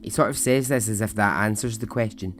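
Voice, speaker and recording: A podcast host recounts a story in a rambling, conversational way. His voice sits somewhat low. He drifts into self-deprecating asides before getting back on track. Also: brisk, faint music behind. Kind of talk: storytelling monologue.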